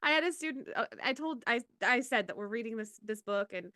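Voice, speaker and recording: Bright-voiced giggly woman co-host. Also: on the high side, animated, a little fast, no room sound, studio quality. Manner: rambling, giggly storytelling. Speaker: podcast co-host, teacher. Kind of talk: casual chat.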